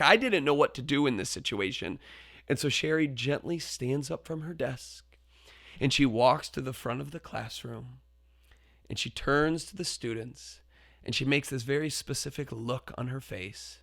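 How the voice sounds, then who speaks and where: Man, podcast host, storytelling, animated, middle pitch, dry close recording. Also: no room sound. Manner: animated, acts out his own shouts and pleas. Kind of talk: storytelling monologue.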